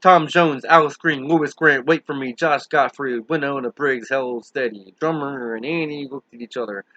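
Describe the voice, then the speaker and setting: A man reading a novel aloud in a steady, earnest, dramatic audiobook narration, on a dull, dry, lo-fi recording. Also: medium pitch, moderate pace, hardly any pauses, no room sound. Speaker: audiobook reader.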